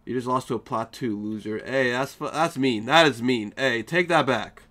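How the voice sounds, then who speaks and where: A man's voice: mid-range voice, normal speed, pushed and bright. A tired young man chatting casually with viewers while he plays a live game stream, joking and defending himself. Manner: drowsy, playfully defensive banter.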